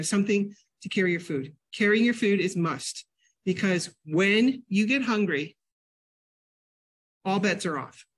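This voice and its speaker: An older woman from New England giving a casual health talk at a library, a chatty, animated storyteller. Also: on the low side. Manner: chatty, animated storyteller with sudden loud jumps and laughs. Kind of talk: casual lecture with personal stories.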